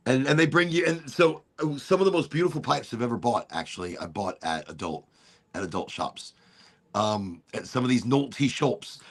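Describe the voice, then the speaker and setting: A man's voice: mid-range voice, animated, moderate pace, slightly rough. A middle-aged man hosting a casual chat show, rambling freely with laughs and swearing. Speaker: podcast host.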